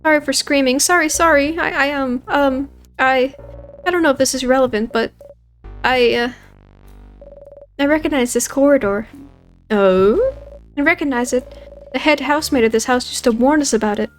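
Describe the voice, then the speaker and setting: A woman putting on a timid young housemaid for a video game let's play, stammering over her words and apologizing in a high, anxious voice. She sounds fretful and easily frightened, repeating herself as she tries to get a thought out. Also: moderate pace, long pauses, soft background music, close to an everyday voice. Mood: flustered.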